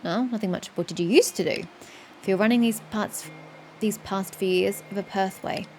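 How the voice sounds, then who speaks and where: A woman's voice: medium pitch, normal speed, darkish tone, faint music behind, lightly acted. A woman voicing a blunt, bitter male townsman who curses about old grudges. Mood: grumbling. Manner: blunt, cursing.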